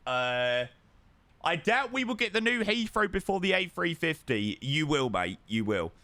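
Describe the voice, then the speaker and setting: Lively man chatting on stream. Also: fairly high pitch, unhurried, dry recording. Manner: chatty, greets viewers, reads and answers chat. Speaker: flight sim streamer. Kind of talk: casual live-stream chat.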